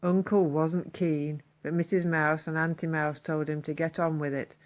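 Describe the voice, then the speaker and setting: A woman reading a children's story aloud, expressive and slowing down for emphasis. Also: sits low.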